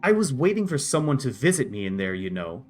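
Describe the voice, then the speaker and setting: A man's voice: mid-range voice, sing-song, a little fast, soft background music, close to an everyday voice. A man voicing a wry, teasing male rabbit-folk prisoner in a tabletop game.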